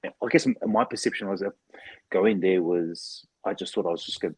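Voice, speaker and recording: A man's voice: sits low, a little fast, darkish tone, breathy edge, no echo. A man in his forties from New Zealand, a former rugby league player, talking as a podcast guest in a laid-back, rambling way with lots of fillers. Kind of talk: casual interview chat. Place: podcast studio.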